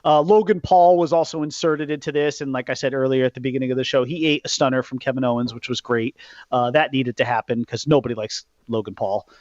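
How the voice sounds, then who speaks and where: A man hosting a podcast, ranting in a casual, profane way about a wrestling event, jumping between loud outbursts and low muttering. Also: fairly even intonation, quick pace, dry recording. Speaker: podcast host. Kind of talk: casual wrestling recap rant. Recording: dull lo-fi podcast mic.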